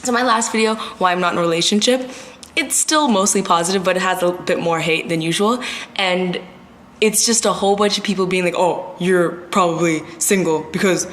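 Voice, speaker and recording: Twenties woman vlogger, casual to-camera rant, outspoken and slangy, middle-pitched, faint hiss behind. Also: fairly quick, a bit bright. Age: 20s.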